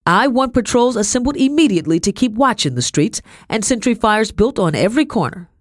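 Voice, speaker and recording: A woman's voice: on the high side, big pitch swings, brisk, dry recording, studio quality, pitched above the performer's own voice. A woman voicing a stern male British army captain who speaks in clipped, formal sentences. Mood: commanding.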